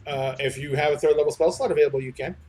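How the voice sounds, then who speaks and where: A man acting as game master, narrating a tabletop game in a relaxed, joking way. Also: on the high side, racing.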